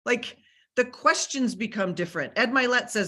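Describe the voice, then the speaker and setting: Over a video call, a middle-aged motivational speaker delivers a talk in a bright, forceful, slightly high voice with a sing-song lilt. Speaking emphatically at a moderate pace, she repeats her key points again and again.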